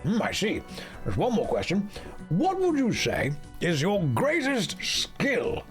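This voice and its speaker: A man voicing an eccentric mad scientist doctor in a video game, slow and theatrical, with a high, swooping voice. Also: wildly swooping pitch, soft background music, heavily acted. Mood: sly questioning. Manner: slow, theatrical, villainous delivery.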